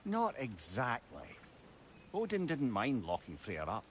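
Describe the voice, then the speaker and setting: A wise, talkative old adviser spins tales with a swooping, lively lilt and a dry wit. His voice sits at an ordinary middle pitch, with faint noise underneath. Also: measured pace. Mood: storytelling. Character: chatty, wise old male storyteller and adviser.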